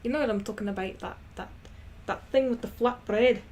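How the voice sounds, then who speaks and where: A woman's voice: fairly high pitch, brisk, a little mellow, slight background noise, lightly acted. A woman voicing a chatty customer with a put-on Scottish accent who rambles while hunting for the name of a dish. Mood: rambling.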